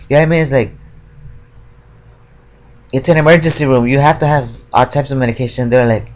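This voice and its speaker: A man's voice: mid-range voice, fairly quick. A young man telling a story in a casual vlog, rambling with many fillers and heavy swearing, frustrated. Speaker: vlogger.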